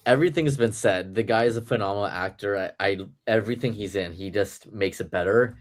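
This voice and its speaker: A man's voice: lowish voice, fairly quick. A man on a film podcast panel, enthusiastic and emphatic in his praise. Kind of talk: casual film discussion.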